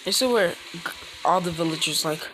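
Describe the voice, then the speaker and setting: A woman's voice: on the low side, normal speed, very noisy. A woman improvising a fan story in a rambling way, often correcting herself, while food sizzles in a pan in her kitchen. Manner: rambling, frequent self-corrections. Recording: frying food sizzling behind.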